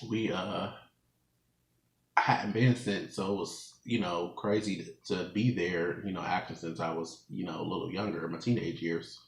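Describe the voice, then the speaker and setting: A man's voice: deep voice, fairly even intonation, normal speed, creaky. A man in his twenties, a mukbang vlogger telling a rambling story to his viewers at home, laughing often as he talks. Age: 20s. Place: room at home. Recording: echoey room.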